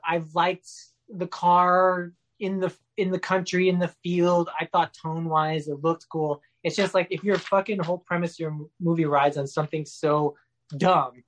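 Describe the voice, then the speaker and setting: Profane, exasperated man ranting. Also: fairly high pitch. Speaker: podcast co-host or guest. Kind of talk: casual podcast chat.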